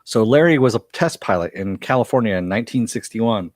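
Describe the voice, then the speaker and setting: A man's voice: on the low side, animated, a little fast, no echo. A man giving a casual, chatty recap of a TV episode, loose and rambling, with plenty of fillers and the odd curse word. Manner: chatty, loose retelling with frequent uh fillers and mild profanity. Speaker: TV series reviewer.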